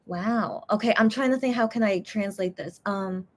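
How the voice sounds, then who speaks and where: A young woman chatting casually on a live stream, reading viewer comments and translating messages with frequent pauses and restarts. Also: mid-range voice. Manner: hesitant, many restarts while translating.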